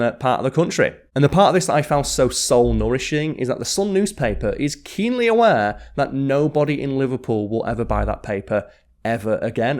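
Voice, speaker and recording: A man's voice: medium pitch, darkish tone. Man narrating a history documentary, wry. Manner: dry, wry asides between measured narration. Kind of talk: scripted history narration with asides.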